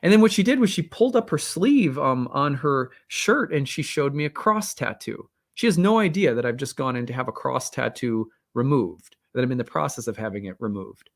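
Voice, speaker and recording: There's vocal fry in this man's medium-pitched voice, and his intonation is lively at a moderate pace with hardly any pauses. Hosting an astrology channel, he tells a personal story in a casual, candid, rambling monologue full of fillers and self-deprecation.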